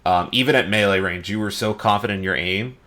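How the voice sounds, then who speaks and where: A man with a voice on the low side acts as dungeon master for a tabletop game, narrating and ruling it. He explains the rules in a relaxed way with frequent pauses.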